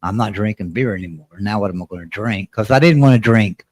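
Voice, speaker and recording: A man's voice: lowish voice, fast talker, a little mellow, dry recording. A man chatting casually on a live stream, often restarting his sentences and speaking bluntly.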